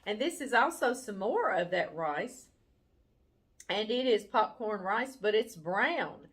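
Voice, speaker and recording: A woman's voice: mid-range voice, animated, takes it slowly, fairly bright tone. A middle-aged woman, hosting a cooking channel and chatting casually as she opens fan mail, gushing and laughing often.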